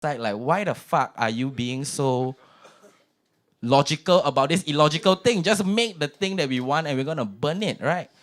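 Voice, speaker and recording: A man's voice: on the high side, lively intonation, moderate pace. A young man with a Singaporean accent hosting an open mic, chatty and self-mocking. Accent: Singaporean English. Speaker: comedy open mic host. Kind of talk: stand-up comedy.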